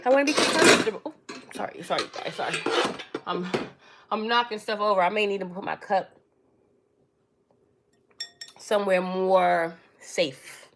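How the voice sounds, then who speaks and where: A woman's voice: medium pitch, measured pace, creaky, long pauses, very noisy. A young adult woman in hosting a casual livestream, talking loosely and rambling with frequent laughs. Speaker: livestream host.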